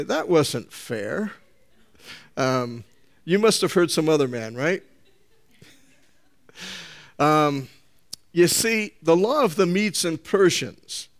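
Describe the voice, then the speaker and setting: A man preaching a sermon to a congregation, emphatic and animated, asking the room rhetorical questions. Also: on the high side.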